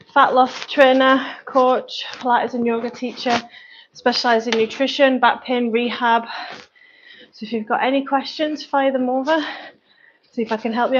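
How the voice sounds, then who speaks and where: A woman's voice: high voice, muffled recording, a little hiss or hum. A woman with a Manchester accent chatting casually as a fitness coach on a live stream, rambling with lots of fillers. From North West England.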